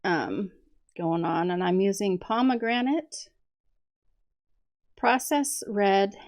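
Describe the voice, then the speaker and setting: A woman hosting a casual coloring video, chatty with frequent ums, her voice hoarse from allergies. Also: medium pitch, slow pace, a little mellow. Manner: chatty, many ums, giggles often. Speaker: coloring channel host.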